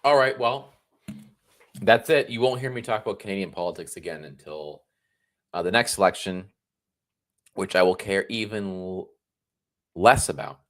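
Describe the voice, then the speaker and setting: A man's voice: sits low, moderate pace, pauses often, fairly bright tone. A man in his thirties from the United States, giving sarcastic political commentary on a solo livestream, often restarting his sentences. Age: 30s.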